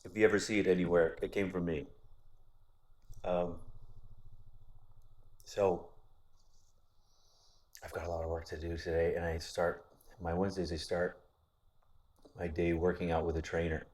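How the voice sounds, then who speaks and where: A man's voice: low voice, little pitch movement, normal speed, pauses often, a little mellow. A man talking in a casual vlog monologue, rambling and candid, with frequent restarts and casual swearing. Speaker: vlogger.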